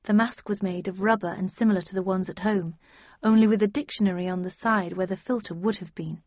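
A woman reads an audiobook in a steady, measured storytelling voice of middle pitch. The audio is dry, with no room sound, and slightly dull in the highs. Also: no room sound. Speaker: audiobook narrator. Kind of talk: scripted audiobook narration.

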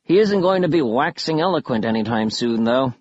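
A man voicing a sarcastic, indignant male scholar companion in a raised, husky voice in an audiobook. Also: medium pitch, animated, a little fast, a little mellow, muffled recording. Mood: indignant wry. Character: grumbling quick-witted male scholar companion. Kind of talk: audiobook reading.

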